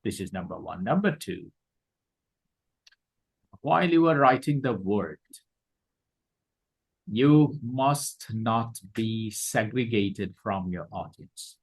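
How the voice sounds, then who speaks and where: A man with a Bangladeshi accent lecturing a class as a teacher, deliberate and repeating his points. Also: fairly low pitch, lively intonation, gravelly, slightly rough, poor audio.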